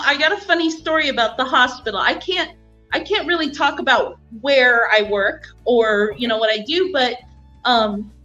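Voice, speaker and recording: A woman's voice: high voice, bright, forceful tone, muffled recording. A woman chatting casually on a live stream, telling stories and acting out what people say, laughing often. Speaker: guest.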